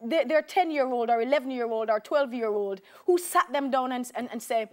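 A woman's voice: a little high, fairly quick, hardly any pauses. A woman with a Jamaican accent, a talk show guest telling her life story with emphatic repetition. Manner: animated storyteller, acts out voices, emphatic repetition.

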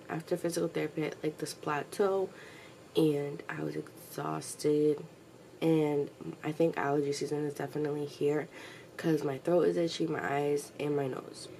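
A woman's voice: sits low, fairly even intonation, moderate pace, gravelly, a little hiss or hum. A young woman vlogging at home, chatting casually to her camera with lots of slang and swearing, and teasing her pet along the way. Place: at home, indoors.

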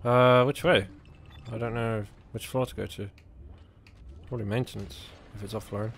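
A man giving jokey let's play commentary, breaking into loud swearing outbursts when startled. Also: lowish voice, fairly even intonation, moderate pace, gravelly, noisy background. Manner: jokey self-mocking chatter. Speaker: gaming YouTuber.

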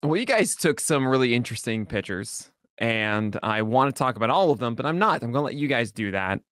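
A man's voice: mid-range voice, expressive, a little fast, a bit bright, no echo. Man guest, eager analyst, dry sound. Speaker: podcast guest, pitching analyst. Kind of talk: analytical chat and product plug.

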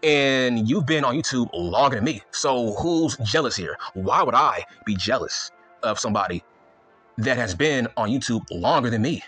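A man's voice: mid-range voice, expressive, normal speed, fairly bright tone, slightly rough, faint music behind. A man delivering an angry, profane, mocking rant to camera as a wrestling YouTuber. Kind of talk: angry ranting monologue.

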